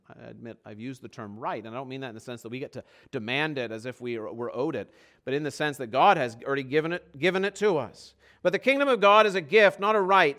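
A man delivers a sermon in a slightly high, bright, forward voice. He swings from loud, urgent emphasis to low, quiet stretches and slows right down to press home his key phrases. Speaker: pastor.

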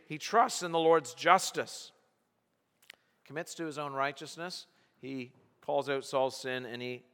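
Bright-voiced male preacher in a reverberant hall. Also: on the high side. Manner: preaching with rising, emphatic bursts. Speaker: pastor. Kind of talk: sermon.

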